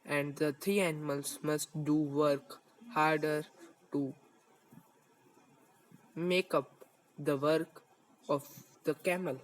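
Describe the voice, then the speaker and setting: Man, teacher explaining a story lesson, slow, halting, rephrasing lines, slightly high voice. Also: poor audio.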